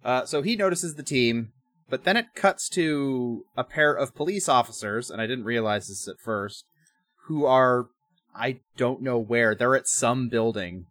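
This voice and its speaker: A man's voice: mid-range voice, unhurried, a bit bright, no echo. A man co-hosting a podcast, recapping an episode in casual chat, rambling with restarts and wry asides. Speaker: podcast co-host.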